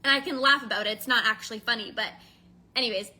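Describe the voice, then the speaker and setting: Bright high-voiced woman coach. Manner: fast, animated, acts out quotes. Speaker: podcast host, binge eating coach. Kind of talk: casual monologue.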